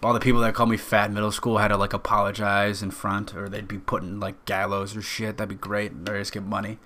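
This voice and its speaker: A young man talks alone into a podcast mic, his voice bright and forward. He wanders from one thought to the next, dropping curse words and jokes at his own expense without ever settling down. The tone stays loose and unscripted throughout. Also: fairly low pitch, little pitch movement, quick pace. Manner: rambling, profane, joking. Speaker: podcast host. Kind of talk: casual solo podcast monologue.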